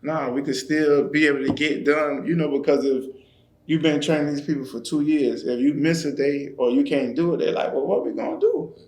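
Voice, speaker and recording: A man's voice: on the high side, steady tone, fairly quick. A man from Florida, a trainer talking earnestly and loosely as a podcast guest. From Florida, USA. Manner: earnest, loose, repeats "you know what I mean". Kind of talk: casual conversation. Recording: roomy echo.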